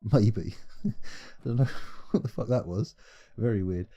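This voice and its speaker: A man's voice: lowish voice, measured pace, mellow, lo-fi sound. A man giving playful, rambling, self-mocking commentary while streaming a game live.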